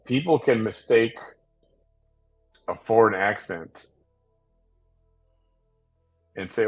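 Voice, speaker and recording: A male host talking late at night in a loose, rambling way. His voice sits low and a little husky. Faint music plays beneath him. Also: sing-song, normal speed, a bit bright, poor audio. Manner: rambling, hesitant with fillers. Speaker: podcast host. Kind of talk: late-night casual chat.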